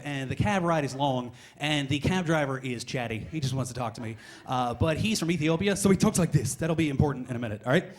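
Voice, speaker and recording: A young adult man doing a stand-up comedy set in a comedy club, rambling through stories with exasperated asides. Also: fairly high pitch.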